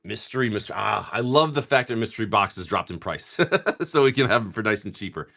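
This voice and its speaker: A man's voice: on the low side, expressive, vocal fry, sharp tone. A middle-aged man hosting a live stream, opening card packs, rattling off card names and telling joking stories in casual chat. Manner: rapid card-name rundowns mixed with joking stories.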